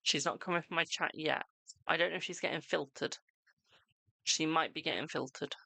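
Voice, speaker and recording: Gravelly bright-voiced British man reading tarot. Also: on the high side, fairly even intonation, no echo. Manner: affectionate, calls viewers "my darling"; chatty, reads questions aloud and answers quickly. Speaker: tarot reader hosting a live stream. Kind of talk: casual live-stream tarot reading.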